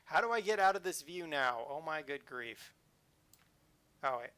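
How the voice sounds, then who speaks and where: Casting: male game streamer, bright and a touch high, playful and jokey, loose live chat. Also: animated, normal speed. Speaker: livestream host. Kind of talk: casual game commentary.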